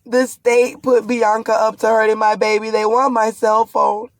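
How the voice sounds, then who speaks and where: A pregnant vlogger with a fairly high voice and flat delivery recounts a frightening ordeal at normal speed. Speaking to camera, she is urgent, rambling and fearful. The audio has no echo.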